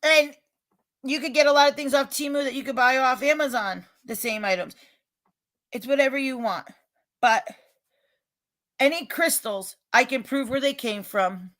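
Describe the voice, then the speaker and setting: A woman with a regional American accent, rambling and emphatic as she talks straight to her livestream chat, getting loud when she is upset. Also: high voice, normal speed, long pauses. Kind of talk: casual chat, defensive and venting.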